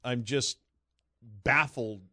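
A man's voice: medium pitch, slow, bright, forceful tone, dry recording, clean studio sound. A man co-hosting a podcast in casual chat, blunt and jokey. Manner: jokey, blunt, goofs around with silly voices. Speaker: podcast co-host.

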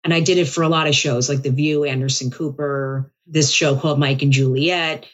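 A woman stand-up comedian chatting as a podcast guest, telling animated stories and acting out the voices of people she quotes. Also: low-pitched, moderate pace, dull audio. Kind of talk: casual podcast chat.

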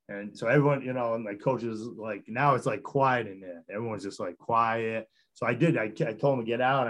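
A man from Connecticut, a basketball coach and podcast guest, telling stories in a rambling, self-interrupting way with frequent chuckles. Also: mid-range voice. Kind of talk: casual storytelling interview.

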